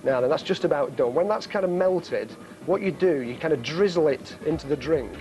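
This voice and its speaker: A man's voice: on the high side, lively intonation, a little fast, a little mellow, soft background music. A man hosting a comedy magic show, talking to camera and to passers-by in cheeky, chatty, joking street patter outdoors.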